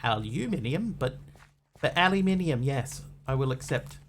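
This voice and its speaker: A man's voice: mid-range voice, animated, normal speed, slight background noise. A man who grew up in Australia, speaking with an Australian accent, chatting casually on a live game stream, reading chat and trivia with playful puns.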